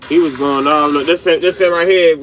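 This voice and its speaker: A man's voice: a little high, steady tone, moderate pace, background noise. A man hosting his own show, reacting to clips in loose slangy talk with many fillers. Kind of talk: casual commentary.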